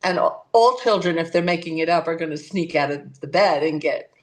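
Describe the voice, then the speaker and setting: Older woman telling stories, animated. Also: sits low, brisk. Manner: animated, acts out voices in her stories. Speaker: astrologer guest. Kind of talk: conversational storytelling.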